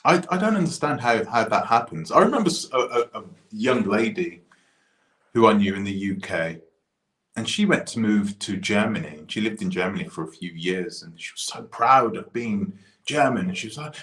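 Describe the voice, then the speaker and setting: Male commentator from the UK, slightly low voice, animated and rambling, echoey room. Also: moderate pace. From United Kingdom. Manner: animated, frequent restarts and asides. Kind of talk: casual opinion monologue. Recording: roomy echo.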